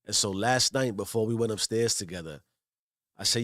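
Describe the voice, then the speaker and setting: A man's voice: fairly low pitch, brisk, no echo, studio quality. A man in his forties from the South Bronx, musing aloud in an early-morning self-improvement vlog and calling his viewers his beautiful people. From South Bronx, New York. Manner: musing, repeats phrases, addresses viewers warmly. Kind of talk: early-morning reflective monologue.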